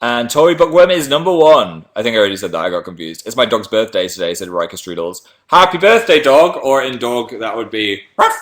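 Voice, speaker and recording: A man's voice: medium pitch, lively intonation, fairly quick, hardly any pauses, a bit bright. A man hosting a casual livestream, reading viewer messages aloud and rambling in a chatty, self-deprecating way. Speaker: livestream host.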